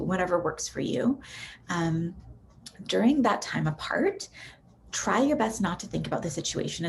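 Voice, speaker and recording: A woman relationship therapist giving a recorded workshop in a conversational teaching style, often checking in with "right?" and filling pauses with "um". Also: lowish voice, slight background noise. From Canada.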